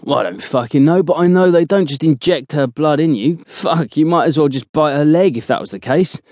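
A man's voice: fairly high pitch, a little fast, warm tone, dry recording, pitched above the performer's own voice, close to an everyday voice. A man voicing a blunt, exasperated young male soldier who swears freely.

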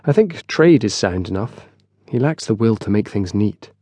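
A man voicing a calm, plain-spoken investigator in an audiobook. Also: lowish voice, normal speed, slightly rough, no echo.

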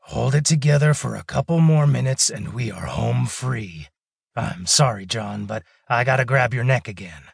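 Gravelly, growling male wolf-alien tough guy, read by a male narrator, streetwise and pushy. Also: medium pitch, moderate pace, no room sound, clean studio sound. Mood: urgent. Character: gruff male wolfish alien smuggler.

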